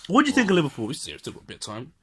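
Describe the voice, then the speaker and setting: A man's voice: fairly high pitch, wildly swooping pitch, rapid-fire. A man co-hosting a casual football podcast, quoting stats with dry, wry asides. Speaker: podcast co-host.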